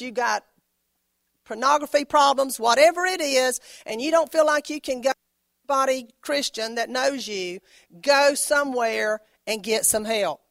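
A woman from the United States preaching a prophetic sermon, fervent and exhorting, swinging between soft and loud. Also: fairly high pitch, animated, moderate pace, vocal fry, no room sound, clean studio sound.

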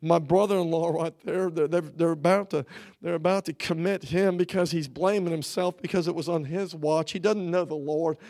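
High-voiced man giving halting testimony. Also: fairly even intonation, darkish tone. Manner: halting, repeats words and restarts often; earnest, rises in intensity. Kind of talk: emotional personal testimony.

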